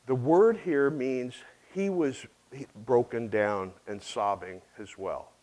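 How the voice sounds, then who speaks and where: A man's voice: mid-range voice, takes it slowly, darkish tone, rough recording. A man preaching an expository sermon in an earnest way, asking rhetorical questions and repeating phrases for emphasis. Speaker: pastor.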